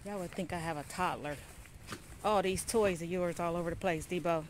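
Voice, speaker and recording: A woman's voice: on the low side, normal speed, slight background noise. A woman chatting casually to her viewers while walking her dog outdoors, slipping into baby talk. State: sweaty, a bit out of breath. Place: outdoors on a neighborhood walk.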